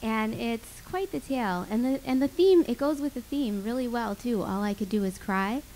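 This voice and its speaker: A woman's voice: on the high side, animated, normal speed, darkish tone, a little hiss or hum, poor audio. A woman and minister telling a personal travel story on stage, earnest and reflective. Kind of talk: live storytelling. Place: live venue stage.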